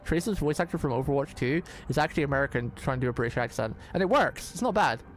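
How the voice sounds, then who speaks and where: Here a male vtuber offers fast, animated live-stream commentary in a medium-pitched voice. His chatter about the game is loose and rambling, and he keeps repeating words and starting sentences over.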